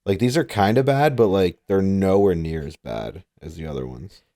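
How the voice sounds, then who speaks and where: Deep-voiced, blunt podcast guy. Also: expressive, normal speed, warm tone, dry recording, studio quality. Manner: blunt, swears casually. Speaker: podcast co-host. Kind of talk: casual chat.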